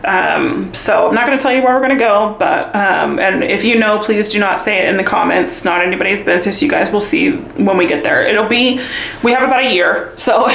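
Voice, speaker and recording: A candid, chatty woman talks straight to her camera in a home vlog, laughing often as she goes. Her voice sits at an ordinary middle pitch for a woman. The room gives it a noticeable echo, with a faint hiss behind her. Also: creaky, a bit bright. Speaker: vlogger. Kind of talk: casual chat to camera.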